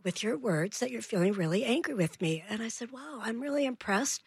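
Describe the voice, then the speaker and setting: A woman, a parenting expert, telling an animated story as a guest in a radio interview, acting out the voices in it. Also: on the high side, fairly quick, slightly rough, no room sound. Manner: animated, acts out dialogue in her story.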